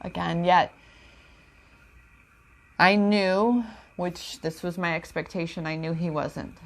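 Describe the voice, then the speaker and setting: Woman, lower voice, emotional, confiding, spiritual self-help vlog. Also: steady tone, slow, pauses often, fairly bright tone. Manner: emotional, confiding, addresses viewers as goddess. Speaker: empowerment coach. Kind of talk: personal vlog monologue.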